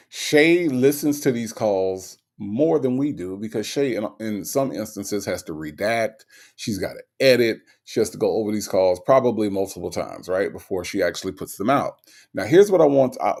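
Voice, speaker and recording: Guy with a gravelly voice doing playful live stream commentary, reads chat out loud. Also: fairly low pitch.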